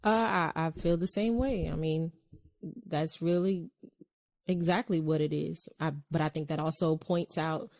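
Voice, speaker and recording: A woman co-hosting a podcast, speaking in measured casual talk and agreeing while she reasons things through. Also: deep voice, steady tone, darkish tone. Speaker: podcast co-host.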